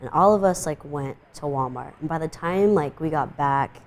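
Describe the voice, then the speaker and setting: A young woman recounting tour events in a relaxed, chatty interview. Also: low-pitched, normal speed. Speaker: touring band member. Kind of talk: casual interview recap.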